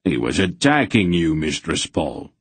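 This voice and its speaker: Blunt, loyal smith, low and earnest, read by a man. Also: big pitch swings, measured pace, husky, no echo, heavily acted. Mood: stubborn. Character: plain, stubborn, loyal male village smith.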